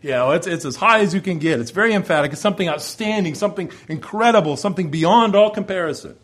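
Male pastor, slightly high-pitched, emphatic expository preaching with repetition. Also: lively intonation, fast talker, a bit bright. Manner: emphatic, repeats key phrases, acts out voices of the listeners. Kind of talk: expository sermon.

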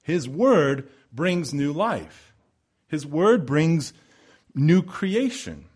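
A man preaching a sermon as pastor, building to loud emphatic swells and slowing on key words. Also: a little high, sing-song, husky.

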